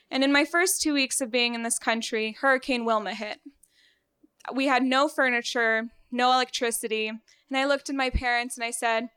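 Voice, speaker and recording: A woman's voice: on the high side, smooth. A woman in her twenties from Venezuela, raised in South Florida, telling a self-deprecating first-person story live on a theater stage. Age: 20s. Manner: lively and self-deprecating, laughs often.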